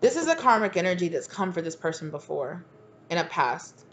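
A woman reading tarot cards in a loose, chatty way, slangy and sassy. Her voice sits fairly low, and she teases herself as she goes. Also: big pitch swings, a little fast, a bit bright, slight background noise. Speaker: tarot reader. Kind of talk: casual channeled tarot reading.

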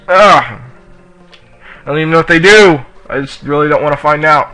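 A man giving casual let's play commentary while racing, excitable and yelling at the racers in the game, with a sore throat. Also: on the high side, normal speed, faint music behind, poor audio. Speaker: gamer playing on his channel.

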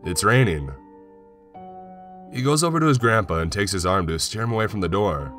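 A man narrating a horror story in a slow, measured way. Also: lowish voice, sing-song. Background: soft music.

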